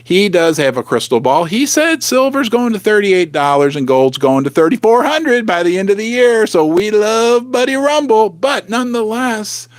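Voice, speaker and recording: A middle-aged man hosting a live stream from his basement, talking straight to viewers in an animated, emphatic way. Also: high voice, moderate pace, hardly any pauses, no echo. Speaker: livestream host. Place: home basement.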